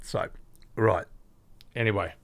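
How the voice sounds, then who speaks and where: A man's voice: lowish voice, slow, creaky. A man giving casual, playful reaction commentary on a livestream, often laughing and swearing. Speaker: streamer.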